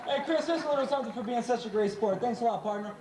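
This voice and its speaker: Joking male animal show host, far off. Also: very high voice. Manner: playful, jokey, gives quick dog commands. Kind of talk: live stage show patter. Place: live animal show before an audience. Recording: echoey, distant, crowd noise, amateur camcorder. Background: audience cheers and laughter.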